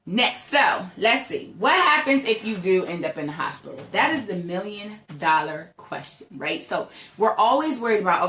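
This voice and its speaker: Chatty young woman, bright echoey voice. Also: mid-range voice, lively intonation, moderate pace, few pauses. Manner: chatty, emphatic, says "right?" often. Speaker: entrepreneur vlogger. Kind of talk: motivational talk to viewers.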